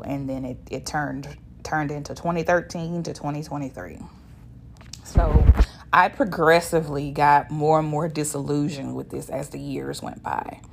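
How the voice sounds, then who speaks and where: Blunt low-voiced woman venting. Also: gravelly, a little hiss or hum. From Shreveport, Louisiana, US. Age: 30s. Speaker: podcast host. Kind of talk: casual solo monologue.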